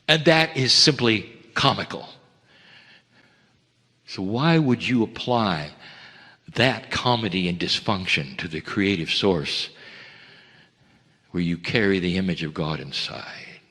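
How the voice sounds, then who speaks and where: Gentle man channeling in a reverberant hall. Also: sits low, big pitch swings. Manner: gentle, measured, emphatic pauses; addresses listeners as dear ones. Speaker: spiritual channeler. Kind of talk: channeled spiritual message to an audience.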